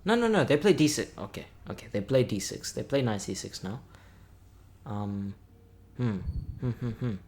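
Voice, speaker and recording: A man's voice: on the low side, darkish tone, slight background noise. A man, a bit tired, chatting upbeat as a chess content creator and thinking aloud while calling out and muttering his blindfold chess moves.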